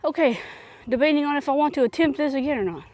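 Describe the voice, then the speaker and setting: A woman's voice: high-pitched, animated, fast, a little mellow. A woman, a homesteading vlogger chatting casually and straight to her viewers in a folksy way. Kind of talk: casual vlog chat. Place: homestead barn or coop.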